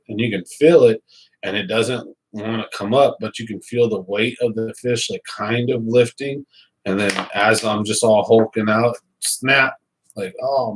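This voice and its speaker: Guy in his 30s rambling about fishing to his viewers, kinda low voice, lots of ums and likes. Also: rough recording. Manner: rambling, excitable, lots of fillers. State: hiccups. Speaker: fishing channel host. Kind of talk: casual chat to viewers.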